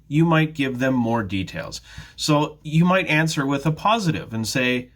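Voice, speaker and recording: A middle-aged man with a Canadian accent teaching a slow, clear beginner English lesson, patiently modelling phrases with careful intonation. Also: medium pitch, expressive, a bit bright. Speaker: ESL teacher, head of academics.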